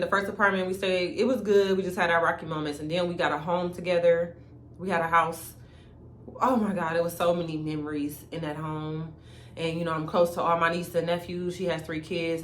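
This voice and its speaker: A woman's voice: lowish voice, flat delivery, brisk, a little hiss or hum. A woman vlogger telling a story in a candid, slangy and emphatic way, chatting casually beside a fire. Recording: roomy echo.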